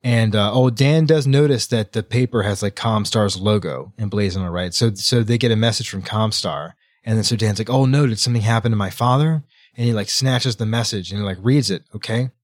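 A man's voice: fairly low pitch, a little fast, few pauses, no echo, studio quality. A man co-hosting a podcast, retelling a novel's chapters in a loose, rambling way with lots of "like" and "right?". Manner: rambling recap full of "like" and "right?". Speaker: podcast co-host. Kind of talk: casual book-club chat.

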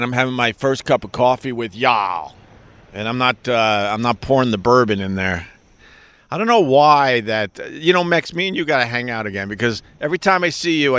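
A man's voice: mid-range voice, a bit bright, clear, resonant tone, no room sound. A middle-aged man with a thick Long Island accent talks off the cuff to viewers on a live stream. He rambles from one thought to the next, cracks jokes and swears freely. His voice sits in an ordinary middle register. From Long Island, New York. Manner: rambling, profane, joking. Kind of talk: casual live stream chat.

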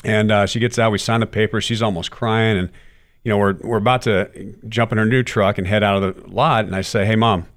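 A middle-aged man giving a candid interview, telling his stories with animated quoted dialogue and frequent cursing. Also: on the low side, fairly quick. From United States. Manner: animated storyteller, curses freely, acts out quotes. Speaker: guest, former baseball player.

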